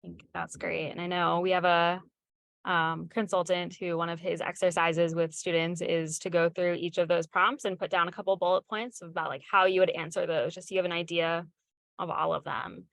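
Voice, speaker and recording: A woman moderating a webinar over a video call, briskly affirming the panelists and moving on to the next topic. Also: lowish voice, level tone, gravelly, a bit bright, no room sound.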